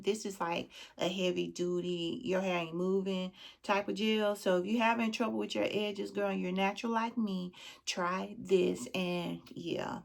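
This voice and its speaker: A Southern woman talking straight to her viewers in a relaxed, informal vlog. She keeps calling them friend and girl, and her pitch sits right in the middle for a woman. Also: gravelly. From Southern United States. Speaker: beauty vlogger. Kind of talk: casual chat.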